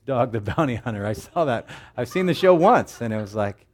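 A man preaching a sermon in an animated, joking way, acting out the voices he quotes. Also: medium pitch, brisk. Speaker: pastor.

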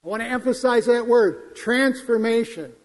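Slow, high-voiced man preaching in a reverberant church. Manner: measured, emphatic preaching with scripture quotes. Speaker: pastor. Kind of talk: sermon. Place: church sanctuary. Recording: long hall reverb.

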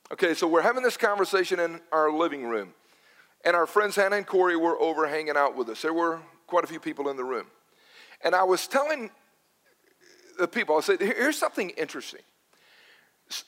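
A man with a high-pitched voice delivers a sermon in a church sanctuary. He moves between storytelling and emphatic repetition of his key points. His words carry a long reverb from the large hall. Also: fairly bright tone. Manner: storytelling, emphatic with repeated phrases. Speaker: pastor.

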